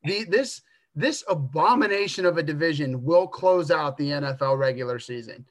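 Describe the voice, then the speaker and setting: Rambling man, slightly high voice, sports chat. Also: lively intonation, moderate pace, a bit bright. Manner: rambling, hedging with stammered restarts. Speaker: podcast co-host.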